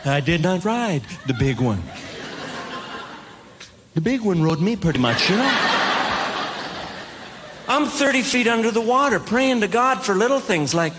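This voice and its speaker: A man's voice: sits high, sing-song, unhurried, long pauses, heavy background noise. A man telling self-deprecating comic stories with playful punchlines to a live audience. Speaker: comedic speaker. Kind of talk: stand-up storytelling.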